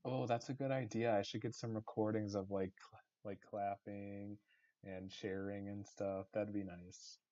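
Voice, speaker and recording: Low, monotone man hosting a raffle. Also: measured pace, highs cut off. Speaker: online game community host. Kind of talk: casual live raffle announcing.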